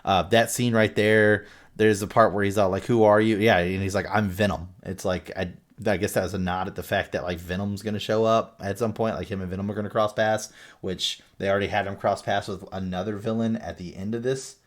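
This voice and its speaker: A man with a fairly low voice talks through a movie review in a loose, unscripted way. He rambles, swears casually and leans on fillers as he goes. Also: flat delivery, fairly quick. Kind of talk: casual spoken film review.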